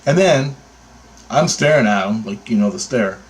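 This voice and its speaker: A man's voice: medium pitch, animated, normal speed, a little hiss or hum, poor audio. Profane, heated man ranting. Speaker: bird photographer. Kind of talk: angry ranting anecdote.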